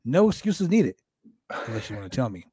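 A man hosting a podcast interview, telling stories in a casual, animated and profane way. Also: mid-range voice, brisk, breathy edge, no echo. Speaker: podcast host.

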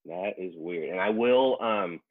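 Hesitant low-voiced man on a tinny line. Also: measured pace, no room sound. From New Orleans, USA. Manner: hesitant, many fillers, laid-back. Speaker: guest, professional cook. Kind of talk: casual podcast chat.

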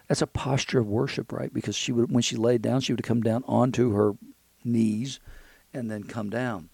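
A man's voice: mid-range voice, steady tone, normal speed, creaky, darkish tone, husky, no echo. A man teaching a Bible passage verse by verse, talking conversationally with many restarts and reading scripture aloud.

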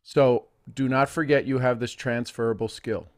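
A middle-aged man leading a live coaching session, playful and quick to laugh, often wandering off topic. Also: mid-range voice, fairly even intonation.

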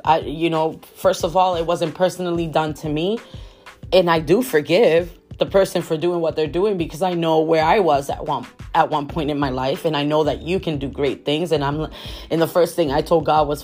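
A woman's voice: deep voice, unhurried, darkish tone, faint music behind. A woman in her forties hosting a faith podcast, talking earnestly and repeating phrases for emphasis. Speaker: podcast host.

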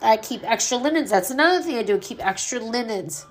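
A middle-aged woman hosts her own podcast, a personal monologue about grief delivered candidly and earnestly, with free swearing. Her voice is fairly high, animated, and fairly quick.

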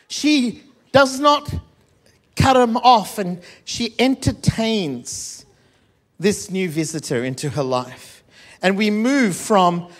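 A male pastor preaching a sermon, urging the congregation with call and response and joking asides. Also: high-pitched.

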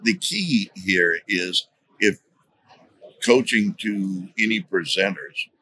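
A man speaking as a guest in a podcast interview, explaining his points deliberately and repeating key words for emphasis. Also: sits low, bright, forceful tone. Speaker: guest, safety trainer.

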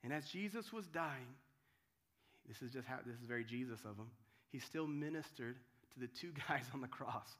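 A man preaching a sermon as pastor, dramatic, swinging from loud cries to hushed tones and often restarting his words. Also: medium pitch, lively intonation, normal speed. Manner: restarts and repeats words while telling the story.

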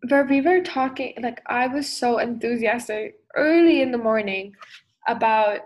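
A woman's voice: fairly high pitch, normal speed, low-quality recording. Upbeat young woman. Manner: upbeat, filler-heavy, laughs between phrases. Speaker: podcast co-host. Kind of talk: casual chat.

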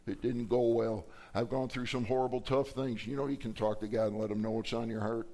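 This middle-aged pastor preaches his sermon in a folksy, conversational way, with a steady, brisk, slightly mellow voice. When he acts out prayers and questions to God, his pitch jumps up.

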